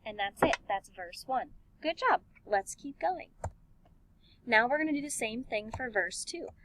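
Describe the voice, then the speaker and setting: A woman music teacher giving an elementary music lesson, talking slowly and clearly and encouraging the class. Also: fairly high pitch, animated, heavy background noise. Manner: slow, clear, encouraging teacher talk with sung and chanted examples.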